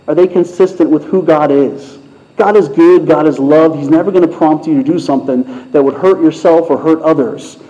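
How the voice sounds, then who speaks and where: A pastor giving a sermon, retelling a story in a conversational way. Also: male voice, on the high side, dark tone. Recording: muffled lo-fi sound.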